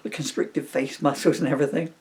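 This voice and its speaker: A middle-aged man reading his own comic story aloud with wry, deadpan humour. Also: fairly high pitch, fast talker, slight background noise. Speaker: author reading his book.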